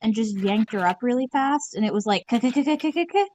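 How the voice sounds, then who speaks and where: A woman's voice: medium pitch, brisk. A woman telling stories in casual chat, swearing freely and acting out what people said. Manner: animated storyteller, swears, acts out quotes.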